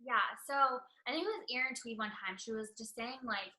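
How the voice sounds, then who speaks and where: A woman guest in a casual motivational chat, telling stories excitedly and calling out "y'all.". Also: a little high, a little fast, low-quality recording. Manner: excited, storytelling, says "y'all" and "you guys".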